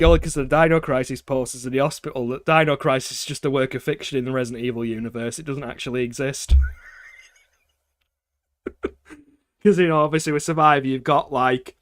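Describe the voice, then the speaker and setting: A man's voice: mid-range voice, no echo, studio quality. A man streaming games and chatting casually, ranting with frequent swearing and laughter between points. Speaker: game streamer. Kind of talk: casual livestream chat.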